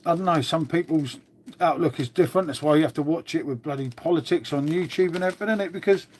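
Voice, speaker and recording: A middle-aged man with a fairly high, slightly mellow voice talks fast, rambling casually to his live-stream viewers. He calls them all mate and muses aloud while tidying up, relaxed the whole way through.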